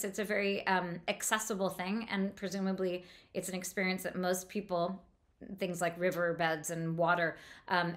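A woman giving a literary lecture on a novel, thoughtful and enthusiastic, with frequent restarts and fillers. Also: on the low side. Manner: enthusiastic about the prose. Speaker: book lecturer.

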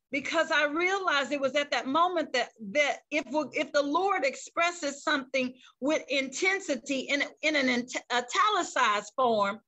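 High-pitched and sharp, a woman's voice carries a fervent sermon over a video call. She's a pastor who breaks into bursts of praise along the way.

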